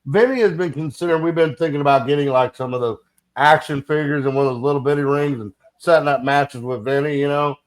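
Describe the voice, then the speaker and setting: A man's voice: a little high, fast. A man hosting a podcast in a loose, chatty way, leading the talk and the breaks. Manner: loose, chatty, drops fillers. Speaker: podcast host. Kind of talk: casual podcast chat.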